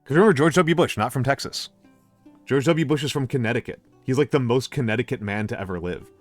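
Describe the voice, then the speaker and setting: A man with an American accent chatting casually on a stream, rambling and halting with many restarts. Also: mid-range voice, soft background music. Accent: General American. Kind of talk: casual chat.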